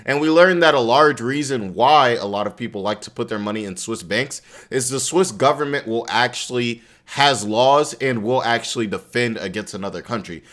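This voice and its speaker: A man's voice: mid-range voice, normal speed, few pauses, a bit bright. A man giving loose, chatty commentary on a business news video, often tossing in "you know what I'm saying". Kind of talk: casual commentary reacting to a video.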